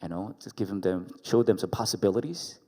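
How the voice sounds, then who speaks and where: A man's voice: deep voice, animated, a little fast, warm tone, husky, full character voice. A man voicing a young woman who hesitantly confides she cannot choose a husband, in a reverberant worship hall. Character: young woman unsure whom to marry.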